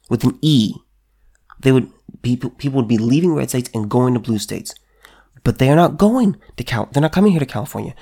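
A man's voice: mid-range voice, a little mellow. A man giving political commentary in a vlog, pressing hard with repeated rhetorical questions and stammering restarts when he gets worked up. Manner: emphatic, repetitive rhetorical questions. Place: California.

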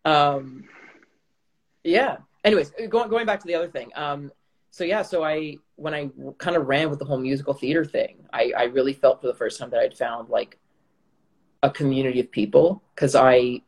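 Young man, casual chat, reflective, halting with fillers. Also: medium pitch, low-quality recording. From Canada. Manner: reflective, many fillers and restarts. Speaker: actor guest. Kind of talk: casual video-call chat.

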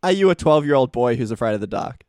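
A man's voice: mid-range voice, lively intonation, fast talker, a little mellow, smooth, dry recording, clean studio sound. Playful man hosting a podcast. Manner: chatty and playful, teasing the guest. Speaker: podcast host. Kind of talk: casual podcast interview.

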